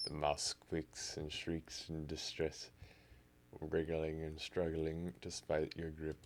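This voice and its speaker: Deep gravelly guy streaming, reading a text game out loud, slow and easy. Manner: narrates game text in second person, with reactions.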